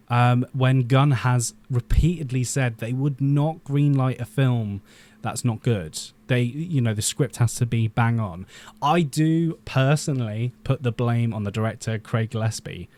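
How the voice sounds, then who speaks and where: A man's voice: medium pitch, a little mellow. Chatty man giving film opinions. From Britain. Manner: chatty and opinionated, with frequent "um" and restarts. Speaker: YouTube film commentator. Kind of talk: casual opinion vlog.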